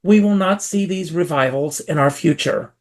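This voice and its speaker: Theatrical man telling a lively story. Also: fairly high pitch, moderate pace, crowd noise. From South Carolina, US. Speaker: guest, performer. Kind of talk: storytelling interview.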